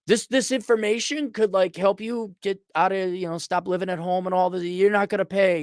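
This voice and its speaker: A man's voice: sits high, fairly even intonation, a little fast, few pauses, dry recording, studio quality. A middle-aged man and consultant delivers a blunt, profane, exasperated rant to camera. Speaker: consultant and vlogger.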